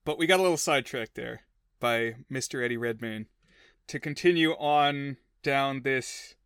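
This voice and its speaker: A man co-hosting a casual film podcast, chatty and joking, with quick asides. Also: medium pitch, fairly bright tone, clear, resonant tone, no room sound, clean studio sound. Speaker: podcast co-host.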